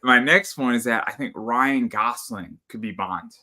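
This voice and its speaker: A man with a bright voice at a middle pitch makes his case in earnest. He often stumbles over the first words of a sentence before he gets going. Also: measured pace. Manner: earnest, argues a point, stutters on starts. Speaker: podcast guest. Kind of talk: casual chat.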